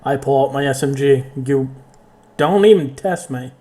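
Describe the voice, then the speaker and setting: A man's voice: medium pitch, normal speed, dark tone. A man playing a tabletop game in character, defiant and mouthy. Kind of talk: in-character role-play.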